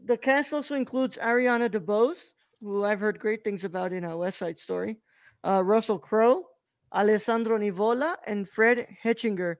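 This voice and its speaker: A man's voice: sits high, moderate pace, dry recording, clean studio sound. A male podcast co-host in casual chat, talking bluntly and swearing often.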